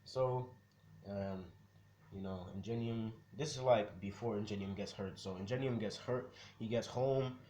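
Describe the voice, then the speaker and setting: A man's voice: fairly low pitch, a little slow, warm tone, a little hiss or hum. Laid-back man rambling through a fan story. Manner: rambling, slangy, swears freely. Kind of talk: casual fan-story retelling.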